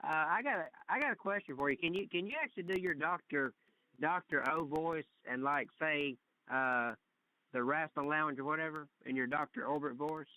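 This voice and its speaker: A man hosting a wrestling talk show, asking questions in a halting way with many fillers. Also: fairly high pitch, bright, forceful tone, low-quality recording. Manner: hesitant, many fillers and restarts. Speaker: podcast host. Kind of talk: casual interview chat.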